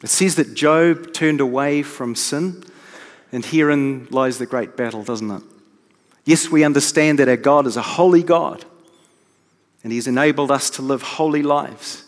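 A man preaching a sermon from the pulpit in a measured, deliberate way with pauses. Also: medium pitch. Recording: long reverb of a large hall.

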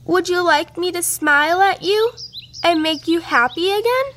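A woman voicing a cheerful little girl in a storybook read-aloud, speaking brightly and eagerly. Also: moderate pace. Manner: bright, eager, high-pitched.

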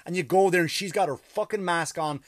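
A man's voice: sits high, brisk, no echo. A tired man, a comedian, telling a story in a casual, profane, ranting monologue.

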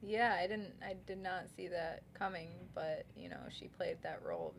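A woman's voice: on the low side, fairly even intonation, normal speed, creaky, slight background noise. Laid-back woman guesting on a podcast. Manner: laid-back, short agreeing replies. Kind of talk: casual chat.

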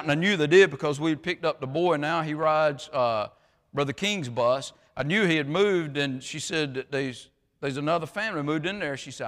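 A man preaching a sermon as pastor, swinging from shouts down to hushed asides with many fillers. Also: fairly high pitch, normal speed. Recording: long hall reverb.

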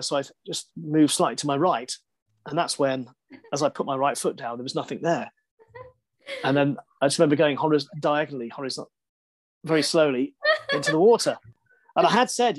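A man's voice: fairly high pitch, no echo. Man telling a story with laughs. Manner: lively, self-deprecating, laughs often. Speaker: guest, sports broadcaster. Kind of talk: anecdotal storytelling in an interview.

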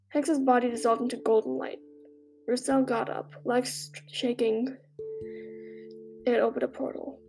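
A woman reads a fan story aloud in a dramatic storytelling manner. Her voice is high with a gravelly rasp and a mellow, dark tone, while faint music plays underneath. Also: little pitch movement, moderate pace. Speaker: narrator.

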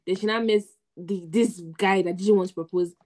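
A young Nigerian woman co-hosting a casual podcast chat, telling stories in a relaxed way with pidgin words mixed in. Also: mid-range voice, moderate pace. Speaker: podcast co-host.

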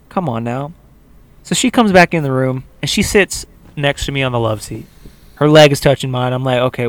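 A young man, a podcast co-host, telling a long story in casual chat and acting out what other people said. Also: mid-range voice. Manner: animated, acts out quotes of others.

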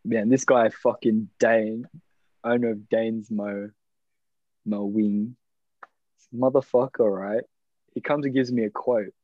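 A young man with an Australian accent, co-hosting a casual podcast and telling stories in an animated, jokey, swearing way. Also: fairly low pitch, slow, long pauses, no echo, narrow, tinny audio. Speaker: podcast co-host. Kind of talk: casual chat.

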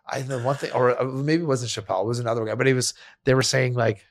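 A man's voice: mid-range voice, steady tone, fast. A man co-hosting a podcast, talking in a loose, rambling way with many restarts and quoted voices. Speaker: podcast co-host. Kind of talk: casual chat.

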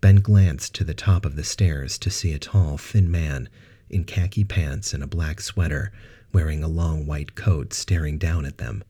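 A man narrating a science fiction audiobook in a steady, even reading. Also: a bass voice, unhurried, breathy edge. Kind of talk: scripted narration.

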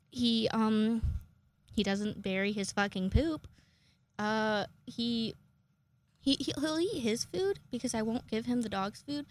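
Rambling, sweary young woman vlogger. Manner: rambling, sweary, self-mocking, breaks into high-pitched acted quotes. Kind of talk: casual chat to camera.

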